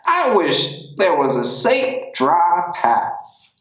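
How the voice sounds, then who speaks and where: Man doing a high, fretful storybook dog. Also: very animated, extremely slow, a bit bright, recorded from a distance, exaggerated voice. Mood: worried. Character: anxious dog stuck by a bog. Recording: echoey room.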